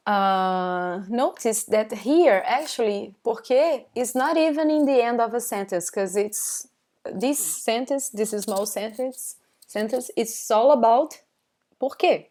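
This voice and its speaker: A woman's voice: fairly high pitch, takes it slowly, a little mellow. A young woman from Brazil with a Brazilian Portuguese accent, teaching a live online language class in English, often checking in with "okay?" and repeating each example twice.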